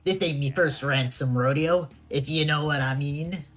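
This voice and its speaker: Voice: medium pitch, moderate pace, fairly bright tone, natural voice. A streamer doing a swaggering pirate captain. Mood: menacing. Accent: put-on pirate accent. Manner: growling old-timey pirate speech. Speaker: streamer reading game dialogue.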